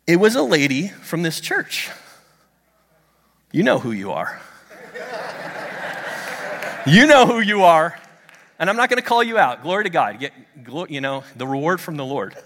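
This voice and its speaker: Middle-aged male preacher, animated storyteller with a bouncy, expressive delivery, miked in a reverberant sanctuary. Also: moderate pace. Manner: animated storytelling, lively swings in pitch. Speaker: pastor. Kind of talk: sermon. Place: church sanctuary under stage lights. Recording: long hall reverb.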